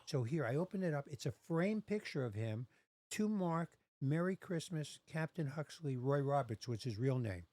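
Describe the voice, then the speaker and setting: A man's voice: on the high side, moderate pace, no echo. A man in his sixties telling a personal story in casual podcast chat, acting out the voices of the people in it. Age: 60s. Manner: animated, acts out quoted voices.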